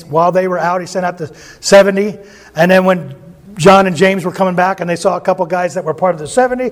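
High-voiced man preaching a folksy sermon. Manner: folksy, joking, asks the audience questions. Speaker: pastor.

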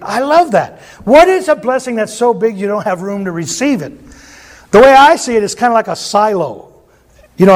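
A man preaching a sermon in a folksy, joking way, often asking his listeners questions. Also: sits high. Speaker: pastor.

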